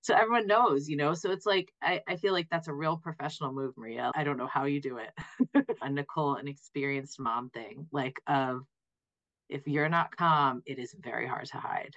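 A woman's voice: low-pitched, moderate pace, a bit bright. A woman guest on a podcast, chatting casually in a bubbly way and laughing often. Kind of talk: casual chat. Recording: slightly muffled lo-fi audio.

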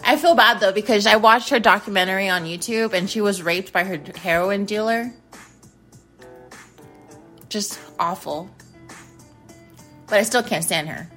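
A woman's voice: mid-range voice, unhurried, pauses often, fairly bright tone, soft background music. A woman hosting her own show, ranting casually in a blunt, profane, rambling way. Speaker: host. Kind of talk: casual rant to camera.

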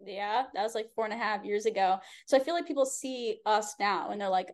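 A woman business coach speaking as a podcast guest in a relaxed, candid way, with many casual fillers. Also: medium pitch, a little fast. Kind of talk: casual chat.

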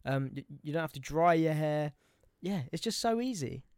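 A man's voice: a little high, lively intonation, normal speed, darkish tone, clear, resonant tone, no room sound, clean studio sound. A young man, bantering bluntly and swearing freely as a podcast co-host. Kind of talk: casual chat.

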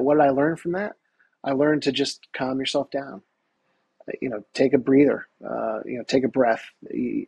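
Energetic gravelly-voiced man, husky. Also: medium pitch, no room sound, poor audio. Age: middle-aged. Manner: energetic, talks in quick bursts. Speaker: guest, touring golf professional. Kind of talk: casual interview storytelling.

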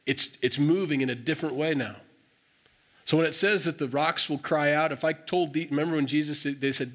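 A man's voice: a little high, brisk. A man preaching a sermon, reading scripture aloud and explaining it in a conversational way, acting out the dialogue with emphatic rises. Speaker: pastor.

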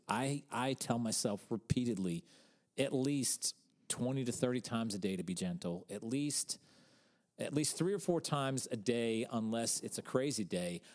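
A man's voice: mid-range voice, moderate pace, a little mellow. A man, the pastor co-hosting a church podcast, chatting casually in a joking, rambling way and repeating himself as he goes.

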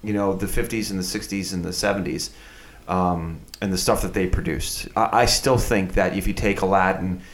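A man's voice: low-pitched, fairly even intonation, moderate pace, few pauses. A man in casual chat, ranting with strong opinions and mocking impressions. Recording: echoey room.

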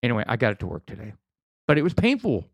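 A man co-hosting a podcast in casual banter, animated, rambling and self-mocking. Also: mid-range voice, racing, husky, dry recording, lo-fi sound. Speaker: podcast co-host.

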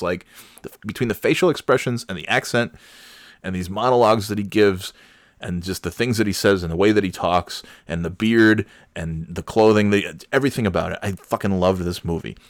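A man's voice: low-pitched, a little fast, dry recording, studio quality. A man chatting casually about a movie, rambling and profane, mocking himself as he goes.

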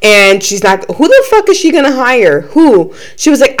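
Young female co-host, casual, very lively pitch, profane and giggly. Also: measured pace. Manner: animated, swears a lot, laughs often. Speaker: podcast co-host. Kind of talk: casual chat.

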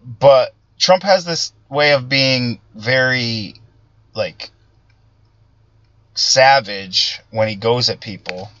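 Halting man with a low-fi sound. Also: fairly bright tone, dry recording, dull audio. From Italian-American background. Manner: halting, many restarts and fillers, conversational. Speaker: political commentary host. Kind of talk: casual political monologue.

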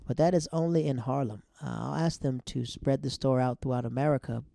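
Gravelly, mellow-voiced young man chatting. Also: mid-range voice, fairly even intonation, brisk, no echo, clean studio sound. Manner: loose, chatty, laughs at own stories. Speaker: podcast host. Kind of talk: casual storytelling monologue.

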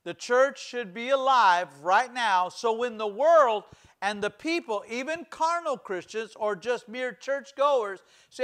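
A man's voice: extremely high pitch, expressive, a little slow, a bit bright. A middle-aged male pastor preaching a fervent sermon, acting out the voices of scripture as he goes.

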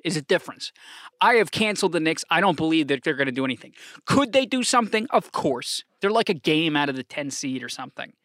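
Excitable, profane male sports podcaster. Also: fast, no echo, studio quality. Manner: excitable and profane, swinging from shouting hype to low mutters. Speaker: podcast host. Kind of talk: casual solo sports podcast rant.

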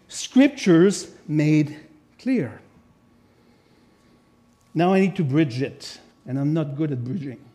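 High-voiced, playful male preacher. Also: slow pace, long pauses. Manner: animated and playful, joking with the congregation; reads scripture aloud with emphatic asides. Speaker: guest preacher. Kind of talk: sermon. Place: church sanctuary.

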